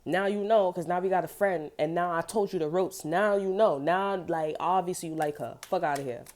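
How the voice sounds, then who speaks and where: Woman tarot reader, blunt and profane, mellow-toned, venting casually. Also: fairly low pitch, moderate pace. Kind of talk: casual tarot reading rant.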